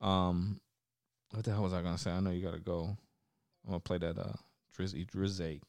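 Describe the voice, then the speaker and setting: A man's voice: deep voice, little pitch movement, fairly quick, darkish tone, dry recording, clean studio sound. A young man hosting a casual podcast, talking loosely with lots of swearing, trailing off and restarting. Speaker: podcast host.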